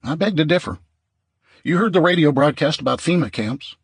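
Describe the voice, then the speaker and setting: A man's voice: on the high side, lively intonation, brisk, creaky, husky, no room sound, voice pushed up, exaggerated voice. A man voicing a weary, argumentative male survivor who presses his point in an audiobook. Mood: pressing.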